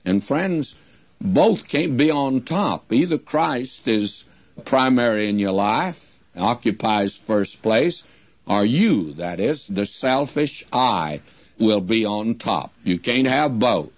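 An older man teaching a Bible passage on the radio, in a plain-spoken, deliberate way and quoting scripture in old English. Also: mid-range voice, expressive, dry recording. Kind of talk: radio sermon. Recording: dull lo-fi radio recording.

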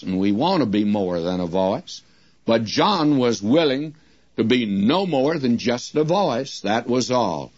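Slow, plain-spoken older radio preacher. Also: male voice, mid-range voice, breathy edge, no echo. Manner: plain-spoken, slow and deliberate, quotes scripture in old English. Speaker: radio Bible teacher. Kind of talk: radio sermon. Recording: dull lo-fi radio recording.

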